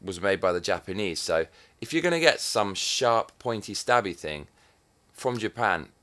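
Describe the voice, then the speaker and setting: Very deep-voiced profane man from England. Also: lively intonation, moderate pace. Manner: profane and sardonic, with swings in loudness. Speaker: vlogger. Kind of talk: casual comic monologue.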